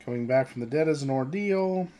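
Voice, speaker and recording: A man running a tabletop role-playing game as game master, narrating scenes and reading rules aloud in a relaxed way, chuckling often. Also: mid-range voice, brisk.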